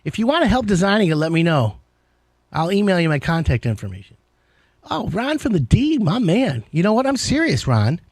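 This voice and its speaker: A man's voice: high voice, sing-song, brisk, darkish tone, no room sound, studio quality. A man hosting a live home-services call-in show, chatting casually with jokey, rambling asides. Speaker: radio show host. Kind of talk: casual call-in radio chat.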